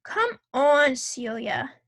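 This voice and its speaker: A woman's voice: sits high, very animated, very slow, a bit bright, no echo, clean studio sound, heavily acted. A woman reading a storybook aloud and voicing an easygoing fourth-grade boy who speaks in a casual, coaxing way.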